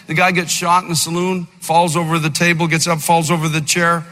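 A man's voice: completely flat delivery, fairly quick. Fervent older male preacher in a reverberant hall. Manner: fervent preaching, by turns shouting and dropping low, with storytelling asides. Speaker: pastor. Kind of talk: impassioned sermon. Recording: long reverb of a big hall, faint music.

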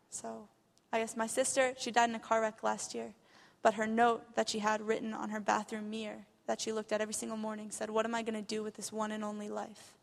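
Her voice is fairly high and gravelly, carrying through a large church hall. She's a young missionary speaker giving a testimony sermon, earnest at first and growing more impassioned as she retells a story.

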